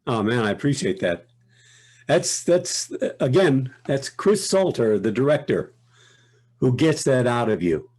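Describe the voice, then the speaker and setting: An older man talks as a guest in a relaxed interview, his voice mellow and a little husky. He reflects unhurriedly on his work, often breaking off mid-thought and starting again. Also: mid-range voice, a little slow. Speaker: guest voice actor. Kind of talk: casual interview chat.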